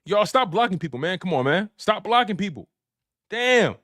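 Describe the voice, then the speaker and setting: A man's voice: high-pitched, very animated, moderate pace, a bit bright, dry recording, clean studio sound. A man hosting a live sports stream, delivering a repetitive, preachy rant in heavy slang. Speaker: sports show host.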